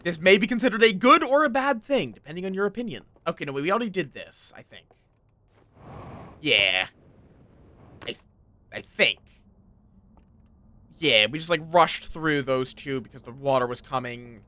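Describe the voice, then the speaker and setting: A man's voice: on the high side, animated, moderate pace, long pauses, pushed and bright, dry recording. A man live-streaming a game, chatting playfully with his viewers as he plays. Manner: rambling, playful, greets chat.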